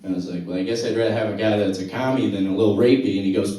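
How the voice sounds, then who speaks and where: A man doing a stand-up comedy set and hosting the show, telling dry stories with sudden loud exclamations, on a handheld mic in a comedy club. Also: on the low side, racing, hardly any pauses, a crowd in the background. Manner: deadpan storytelling, bursts of loud laughing exclamations. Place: comedy club with live audience. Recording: echoey club, recorded from a distance.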